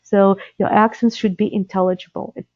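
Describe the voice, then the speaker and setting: A woman's voice: medium pitch, fairly even intonation, brisk, warm tone, no echo, muffled recording. A woman whose first language is Russian, presenting a live training webinar for interpreters, explaining skills practically with frequent fillers and restarts.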